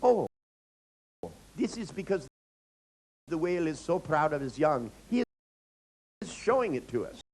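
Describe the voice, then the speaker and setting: A man's voice: a little high, sing-song, unhurried, pauses often, a little mellow, poor audio. Man doing a self-serious sea explorer narrating, all wonder and no sense. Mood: earnest. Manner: earnest documentary narration. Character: pompous oblivious male ocean explorer narrator.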